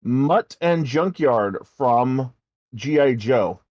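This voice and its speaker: Male co-host, mid-pitched, blunt and sweary, dry close sound. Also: lively intonation, very slow, darkish tone, no echo. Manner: blunt, profane banter. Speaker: podcast co-host. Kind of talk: casual livestream chat.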